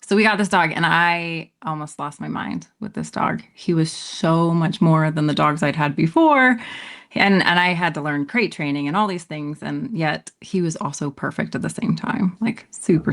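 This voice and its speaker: A woman dog breeder, a podcast guest, telling her story in an animated, self-mocking way and laughing often. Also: fairly low pitch. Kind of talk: casual storytelling interview.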